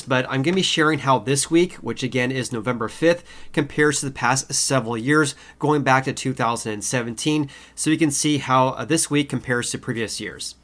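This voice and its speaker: A man's voice: medium pitch, fairly bright tone. A man with a cold and a nasal voice, hosting a video that explains market trends in casual talk to camera, with frequent fillers and key figures repeated. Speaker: housing market video host.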